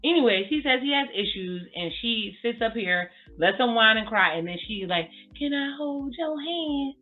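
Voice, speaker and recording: A woman recapping reality TV in blunt, sassy casual commentary, cursing without a second thought. Her voice sits at an ordinary middle pitch. The sound is thin and phone-like, with faint music underneath. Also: moderate pace. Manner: blunt, sassy, swears freely.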